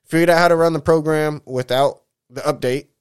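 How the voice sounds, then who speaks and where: A man's voice: fairly high pitch, steady tone, fairly quick, clear, resonant tone. A man in his mid-thirties talking in a casual, rambling vlog monologue, candid and emotional, drifting off topic, swearing freely and saying "man" at the end of many sentences. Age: 30s. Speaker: vlogger.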